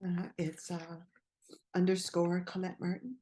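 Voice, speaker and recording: Earnest low-voiced Canadian woman. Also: flat delivery, warm tone. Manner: earnest, fervent, halting. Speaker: guest. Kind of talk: personal testimony in interview.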